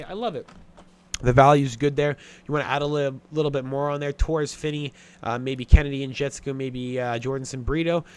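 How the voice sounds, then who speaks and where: A man's voice: a little high, a little hiss or hum. A young man hosting a sports betting show, running through his picks in a blunt, casual way with plenty of swearing and filler words. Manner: blunt, profane, offhand with many fillers. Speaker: sports betting podcast host.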